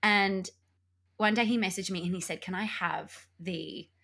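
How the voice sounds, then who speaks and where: Chatty woman, animated storyteller. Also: mid-range voice, unhurried, creaky, breathy edge. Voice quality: animated, laughs often, acts out quoted voices. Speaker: podcast co-host. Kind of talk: casual chat, storytelling.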